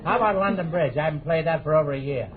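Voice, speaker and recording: A man hosting a 1950s radio quiz show, quick with jokes and wisecracks. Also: on the high side, a loud crowd. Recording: old radio broadcast, tinny and noisy.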